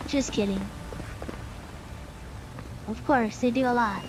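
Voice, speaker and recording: A woman's voice: on the high side, extremely slow, long pauses, background noise. A woman game streamer rambling casually and sarcastically as she plays. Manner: rambling and sarcastic, full of fillers. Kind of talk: casual chat while playing. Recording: game music playing behind her.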